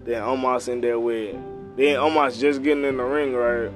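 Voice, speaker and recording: A man's voice: mid-range voice, steady tone, moderate pace, faint music behind. A young man recapping a wrestling show in loose, slangy, profanity-heavy casual talk. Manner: slangy, loose storytelling, frequent cursing.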